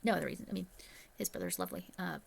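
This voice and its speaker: A middle-aged woman chats straight to her viewers in a casual vlog, candid and conversational. Her voice sits low, with a gravelly, creaky texture. She talks the way a retired teacher talks to friends. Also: very fast. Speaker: retired teacher turned crochet YouTuber. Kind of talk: casual vlog chat to camera.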